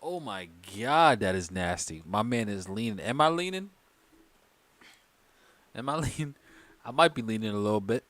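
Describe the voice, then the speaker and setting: A tipsy man runs a casual livestream, joking with the chat in a very lively, swooping voice. The sound is close and dry, with no room around it. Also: lowish voice, normal speed, pauses often, dry recording. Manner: loose, joking, chatting with viewers in the chat. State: tipsy from wine. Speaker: livestream host. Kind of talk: casual live-stream chat.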